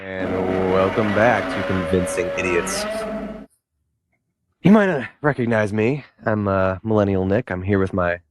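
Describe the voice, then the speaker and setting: A man's voice: sits low, lively intonation, unhurried, background noise. A man in his thirties hosting a podcast with casual, playful, chatty talk. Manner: chatty and playful, with laughs and restarts. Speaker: podcast host.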